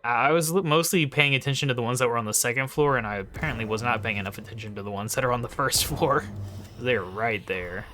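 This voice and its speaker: A man giving casual, low-key commentary while playing a game late at night, often muttering quiet asides. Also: rapid-fire, hardly any pauses, a little hiss or hum. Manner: mumbles quiet asides, sometimes whispers. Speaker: let's play host.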